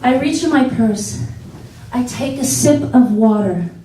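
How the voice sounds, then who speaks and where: A woman doing a stand-up set on a comedy theater stage, telling stories with animated exclaimed asides. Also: fairly high pitch, unhurried, a little hiss or hum. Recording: echoey theater, distant mic.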